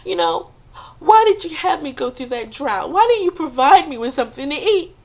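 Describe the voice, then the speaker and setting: A woman voicing a desperate man who refuses pork, stammering and pleading in a high, strained voice. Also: very animated, moderate pace, darkish tone. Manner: whiny, stammering pleas.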